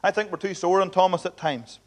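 A man's voice: high-pitched, a little fast. A man preaching a sermon in church as pastor, speaking earnestly and emphatically with repeated appeals to his congregation.

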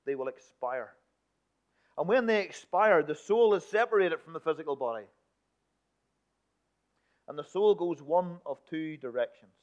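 A man preaching a sermon in a church, emphatic one moment and hushed the next. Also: a little high, expressive, unhurried, long pauses. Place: church building. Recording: dull lo-fi recording.

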